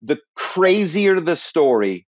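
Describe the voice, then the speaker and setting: A man's voice: a little high, sing-song, slow, no room sound. A man being interviewed on a podcast, telling stories with energy and acting out the phone calls he describes. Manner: acts out phone-call voices while telling stories. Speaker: podcast guest. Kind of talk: animated storytelling interview.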